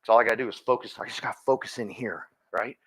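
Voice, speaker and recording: A man giving a folksy, energetic motivational talk to his team, often repeating himself. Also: mid-range voice, rapid-fire, husky. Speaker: team leader speaking at a company meeting.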